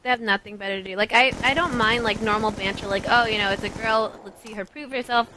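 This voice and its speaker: A woman's voice: fairly high pitch, steady tone, fast talker, rough recording. A young woman co-hosting a casual gaming podcast, laid-back as she chats while playing. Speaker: podcast co-host. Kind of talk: casual chat.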